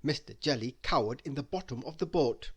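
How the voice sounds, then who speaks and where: A man reading a children's bedtime story aloud, slow and expressive. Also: medium pitch, slightly rough, dull audio.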